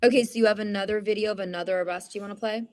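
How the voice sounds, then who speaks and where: A woman's voice: medium pitch, fairly even intonation, very fast, darkish tone. A woman hosting a live news interview, asking short reactive questions. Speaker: host.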